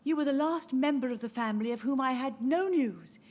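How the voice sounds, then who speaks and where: A woman's voice: high-pitched, brisk, darkish tone. A frail, confused old mother. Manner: wandering, tender, mournful. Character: frail confused elderly mother, grieving, gentle. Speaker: game character. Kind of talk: video game voice acting.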